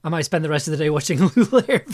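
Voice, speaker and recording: Lower-voiced woman chatting on a live stream. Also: animated, quick pace, dark tone. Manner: rambling, laughs often, self-mocking. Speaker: live streamer and audio producer. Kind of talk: casual live-stream chat.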